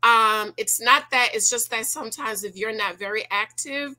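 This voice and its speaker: Bright-voiced woman giving animated commentary. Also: a little high, normal speed. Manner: animated, preachy, rhetorical questions to viewers. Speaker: YouTube commentator. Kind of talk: casual reaction commentary.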